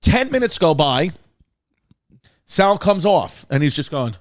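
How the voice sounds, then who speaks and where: A man co-hosting a podcast, telling a story in a lively, casual way, acting out the quotes and laughing. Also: a little high, measured pace. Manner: lively, acts out quotes, laughs while talking. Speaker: podcast host.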